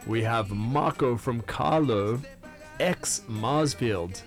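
A man's voice: mid-range voice, slow, soft background music. A man hosting a casual radio quiz segment, talking in a rambling, hesitant way full of restarts. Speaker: radio host.

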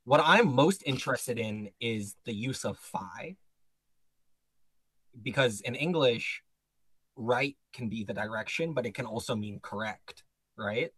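A man, a band member, chatting casually in an interview, animated, laughing often and jumping up high on exclamations. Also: a little slow, slightly rough, no echo, poor audio.

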